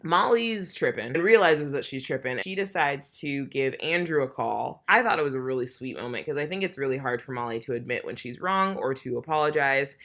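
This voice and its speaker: A woman's voice: very deep voice, animated, a little fast, few pauses, fairly bright tone. A young woman chatting through a TV episode recap, candid and full of "like", swearing freely and acting out what the characters say. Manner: chatty and candid, frequent swearing and "like", acts out quotes. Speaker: TV recap vlogger.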